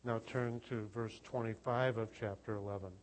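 A man preaching a sermon, reading scripture and explaining it, sometimes repeating words as he thinks, and rising to loud emphatic passages. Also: lowish voice, steady tone, moderate pace, poor audio.

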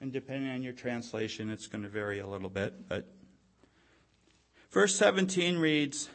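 A man preaching a sermon, telling a story and checking in with his listeners, growing louder at dramatic moments. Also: medium pitch, expressive. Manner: storytelling, repeats "okay?" to the audience; slow and deliberate, swelling louder at dramatic moments.

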